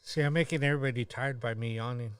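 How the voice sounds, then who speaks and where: A tired man hosting a live stream, chatting casually in a halting way with many pauses and fillers. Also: mid-range voice, smooth, dry recording, far from the mic. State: tired, yawning.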